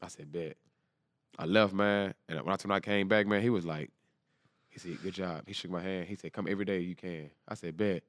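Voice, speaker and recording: Fast-talking man telling a story. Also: sits low, no room sound, clean studio sound. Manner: animated, quick storytelling with slang and repeated quotes. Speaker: guest. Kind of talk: casual storytelling.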